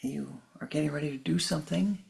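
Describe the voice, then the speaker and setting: A spiritual teacher giving a slow, meditative talk, often repeating phrases and dropping into soft, whispery stretches. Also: mid-range voice, creaky.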